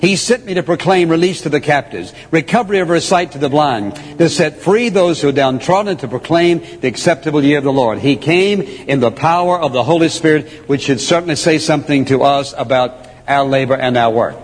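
A man preaching a sermon, emphatic and repeating key phrases, slowing down to read scripture. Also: on the high side. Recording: long hall reverb.

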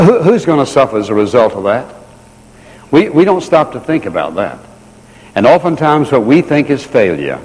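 A man preaching a sermon in an earnest way, slowing down and repeating key phrases for emphasis. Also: on the low side, a little mellow. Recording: long reverb of a large hall.

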